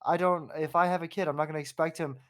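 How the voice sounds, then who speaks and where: A man in his twenties, hosting a casual podcast conversation. He rambles openly and warmly through a personal story, circling back and restarting his sentences as he goes. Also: a little high, steady tone, quick pace. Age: 20s. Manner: rambling and heartfelt, with frequent fillers and restarts. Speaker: podcast host.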